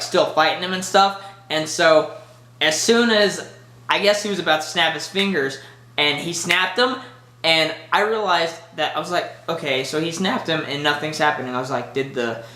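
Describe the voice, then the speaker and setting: A movie reviewer giving a casual spoiler review, rambling and excitable with lots of filler words. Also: medium pitch, reverberant.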